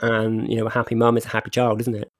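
A man co-hosting a casual review chat, recapping scenes in an animated way and acting out lines with frequent laughs. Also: fairly low pitch, fast, no room sound, studio quality. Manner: animated storytelling, acts out lines, laughs often. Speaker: podcast co-host reviewing a TV episode.

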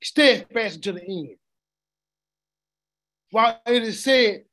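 A man with a very high voice preaches verse by verse, throwing questions at his listeners and waiting for them to finish his lines. He often stumbles into repeated words before pressing on. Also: expressive, slow, long pauses, bright, forceful tone. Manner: call-and-response questioning, stammering repeats. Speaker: preacher teaching scripture. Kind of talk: interactive sermon.

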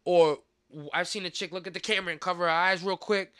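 Heated high-voiced New podcast host. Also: male voice, steady tone, fast talker, clear, resonant tone, no room sound, clean studio sound. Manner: heated, profane, repetitive ranting with sudden loud outbursts. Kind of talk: casual podcast rant.

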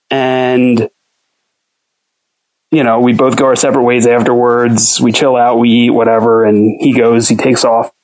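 On a low-quality recording, a young man with a medium-pitched voice, a home cook and interview guest, casually spins a long, rambling tale. He curses freely and animatedly acts out the dialogue he quotes.

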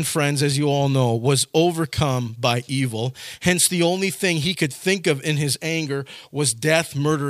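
A man preaching a sermon in an animated way, acting out the people in his story. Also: a little high, no room sound, studio quality. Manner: animated, acts out quoted voices. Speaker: pastor.

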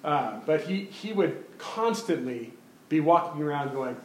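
A man preaching a sermon as pastor, animated, often repeating words as he builds his point. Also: a little high, measured pace, echoey room, slight background noise, low-quality recording.

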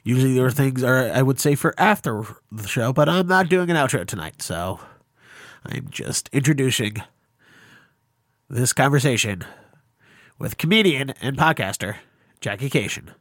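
A man's voice: medium pitch, animated, moderate pace, pauses often, fairly bright tone, no room sound, clean studio sound. A man hosting a podcast interview in casual chat, rambling in a self-conscious, apologetic way. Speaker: podcast host.

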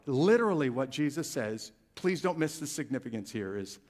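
A man's voice: medium pitch, moderate pace, few pauses. A man preaching a sermon as pastor, rising in volume and emphasis on key phrases. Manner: animated preaching, swelling louder on key phrases.

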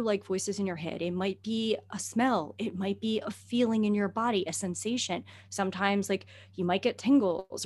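A middle-aged woman, a herbalist and naturalist, telling a story in casual conversation, animated and chatty, often laughing and using many fillers. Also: medium pitch.

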